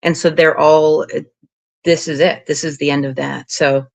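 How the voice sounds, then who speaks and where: A woman guest on an interview podcast, telling long spiritual stories in a rambling, animated way, full of "like" and "you know". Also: low voice, measured pace, gravelly. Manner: rambling, animated, frequent 'like' and 'you know'. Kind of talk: casual interview storytelling.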